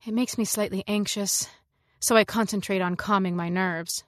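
A woman narrating a science fiction story in the first person, in a measured, reflective way. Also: mid-range voice, fairly even intonation, dry recording, clean studio sound. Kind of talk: scripted narration.

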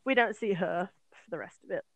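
A woman's voice: mid-range voice, fairly quick, dry recording, lo-fi sound. A woman co-hosting a podcast, chatting casually as she recaps a horror film, swearing often and acting out the characters' lines. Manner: animated, profane, acts out the characters' lines. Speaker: podcast co-host.

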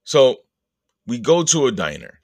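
A man hosting a podcast, telling a rambling, profane comic story and putting on quick voices for the people in it. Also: mid-range voice, big pitch swings, no room sound, studio quality. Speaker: podcast host. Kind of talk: casual comedic storytelling.

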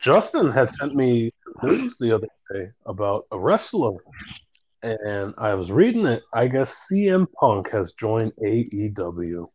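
A man's voice: medium pitch, very animated, unhurried, a little mellow, no room sound, lo-fi sound. A young man in casual chat who retells stories through lots of quoted back-and-forth, swearing and laughing as he goes.

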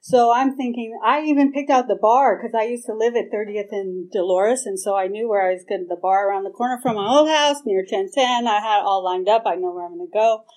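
A woman's voice: mid-range voice, fairly quick, hardly any pauses, a little mellow, rough recording. A middle-aged woman speaking at a recovery meeting, telling her story candidly with swearing and acting out her own past reactions. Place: meeting hall.

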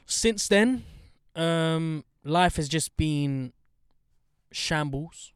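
A young man telling a story in casual chat, animated, swearing and getting heated as he talks. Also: drawn-out words, smooth, no room sound, clean studio sound. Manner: animated storyteller, swears, gets heated and high when indignant.

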